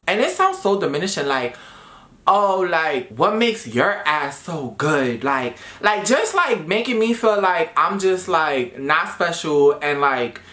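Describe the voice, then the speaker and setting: A young man chats through a storytime vlog, his pitch leaping up and down as he dramatizes every moment. He swears freely and strings his sentences together with "like." The sound carries a noticeable room echo. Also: bright, forceful tone. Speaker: vlogger. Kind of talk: casual storytime chat while doing makeup. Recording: echoey room.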